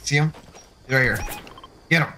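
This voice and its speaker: A man's voice: fairly high pitch, moderate pace, background noise. A man streaming a game from home with his young son, in laid-back, casual chatter full of "dude". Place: home gaming setup.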